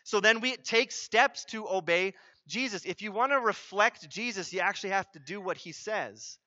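A man preaches a sermon in a high, bright voice. He is conversational and emphatic, acting out what people say. The sound is dry and slightly dull. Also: moderate pace, no room sound. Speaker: pastor.

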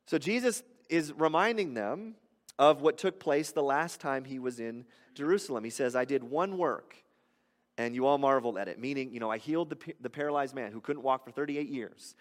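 A man preaching a sermon as a pastor, explaining scripture in a conversational, animated way that builds to loud emphasis. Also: fairly high pitch, big-room sound.

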